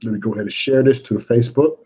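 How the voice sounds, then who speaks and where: A man's voice: medium pitch, quick pace, dark tone, husky. A man hosting a casual livestream, rambling loosely, greeting viewers one by one and cursing freely. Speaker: livestream host.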